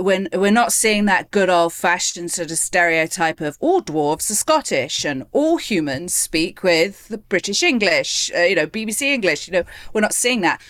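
A woman co-hosting a casual review chat, lively and laughing often. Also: fairly low pitch, no echo. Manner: lively, laughs often, restarts mid-sentence. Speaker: podcast co-host.

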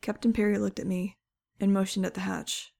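A woman's voice: medium pitch, little pitch movement, fairly quick, vocal fry, warm tone. A woman reading an audiobook in a wry, conversational first-person narration.

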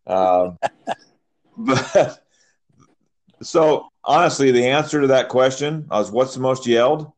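A man's voice: medium pitch, slow, pauses often. Man telling ref stories. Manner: animated storytelling, mimics yelling fans. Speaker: podcast co-host, soccer referee. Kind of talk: casual chat.

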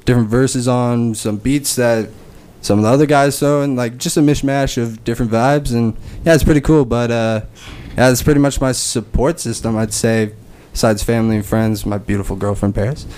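A man's voice: mid-range voice, fairly even intonation, normal speed, hardly any pauses, darkish tone. A young man, a guest musician, chatting casually in a radio studio interview, trailing off with fillers. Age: young adult. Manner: laid-back, trailing off with fillers.

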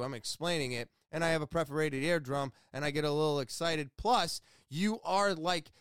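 A man rambles through a personal story with a high-pitched voice, the sound dry and close to his headset mic. He gets excitable and loud, restarts his sentences, and curses now and then. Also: clear, resonant tone, no room sound. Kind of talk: casual storytelling vlog. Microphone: headphones with mic.

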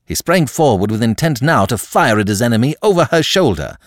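A man narrating a classic novel in a dramatic, expressive way. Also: mid-range voice, brisk, dry recording, clean studio sound. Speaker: audiobook narrator.

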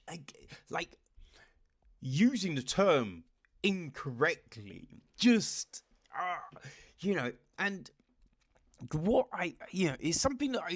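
A young man ranting casually about a TV show, exasperated, swearing and using lots of fillers. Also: medium pitch. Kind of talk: casual rant review.

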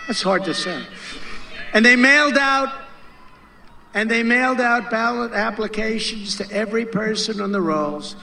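A man's voice: very high-pitched, pushed and bright, reverberant, a little hiss or hum. A man giving a rally speech, emphatic and repetitive, mocking the people he quotes.

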